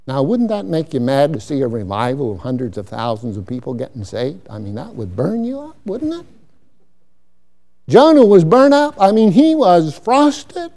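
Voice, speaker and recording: A male preacher with a high voice, giving a sermon. He reads verses aloud and then comments on them in plain, folksy terms. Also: big pitch swings, moderate pace, warm tone.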